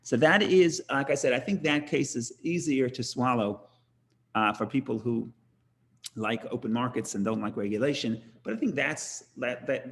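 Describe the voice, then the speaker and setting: A middle-aged man leads a Talmud class in a loose, conversational way, often restarting his sentences. He acts out the people in his examples, and his voice sits at an ordinary middle pitch. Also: a little hiss or hum. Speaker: rabbi teaching Talmud class. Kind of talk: informal lecture with storytelling.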